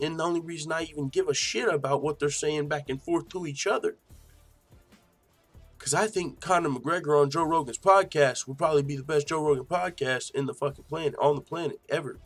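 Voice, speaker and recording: Guy ranting about fight news, kinda high voice, slangy and profane, quiet music behind. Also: fairly quick. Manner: animated, profane, slangy, laughs often. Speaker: MMA news show host. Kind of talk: casual commentary.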